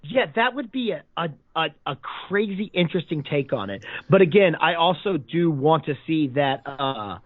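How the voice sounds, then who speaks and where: A man from New Jersey, co-hosting a podcast in casual chat, expressive and often exasperated. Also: a little high, normal speed, hardly any pauses, dry recording. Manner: expressive, exasperated reactions, frequent restarts. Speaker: podcast co-host. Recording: dry, dull podcast audio.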